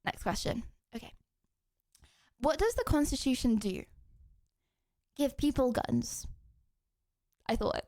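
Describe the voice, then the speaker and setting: Her voice is high, animated, and mellow, moving slowly with frequent pauses. A young adult livestreamer, she reads viewer questions out loud and answers them in a casual chat, giggling and poking fun at herself.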